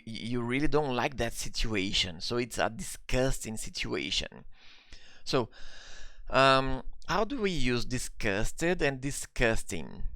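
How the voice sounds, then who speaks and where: A man's voice: medium pitch, bright, forceful tone, no echo. A man teaching a live online English lesson, patiently explaining step by step and often checking in with his students.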